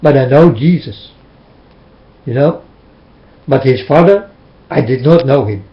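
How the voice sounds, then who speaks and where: A man's voice: mid-range voice, expressive, measured pace. A man whose first language is Dutch, giving a fervent, preachy religious monologue to his webcam and addressing viewers directly. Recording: dull lo-fi webcam audio.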